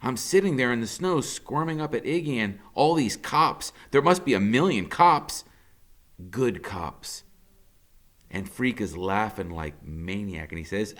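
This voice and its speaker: A man's voice: lowish voice, animated, moderate pace, sharp tone. A man, a teacher, reading a novel aloud with dramatic storytelling that rises with the action. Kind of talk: novel read-aloud narration.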